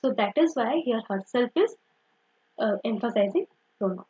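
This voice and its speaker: A woman's voice: on the high side, animated, normal speed, warm tone, breathy edge, lo-fi sound. A woman teaching an online grammar lesson, explaining step by step and often saying "simple" and "okay".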